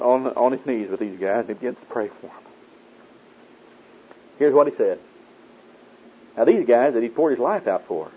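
A man preaching a sermon in a folksy storytelling way, acting out the people in his stories. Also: husky. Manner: folksy storytelling, acting out voices in raised pitch. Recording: tinny phone-like old tape.

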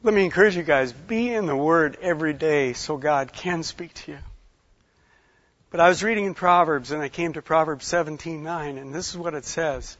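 A man's voice: a little high, normal speed, a bit bright, no room sound. A man, giving a conversational sermon as a folksy, rambling storyteller with many fillers. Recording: slightly dull lo-fi sound.

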